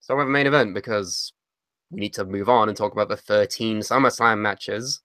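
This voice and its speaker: A woman's voice: very deep voice, a little fast, fairly bright tone, no room sound, clean studio sound. A woman co-hosting a casual podcast chat, sarcastic and blunt, swearing often. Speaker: podcast co-host.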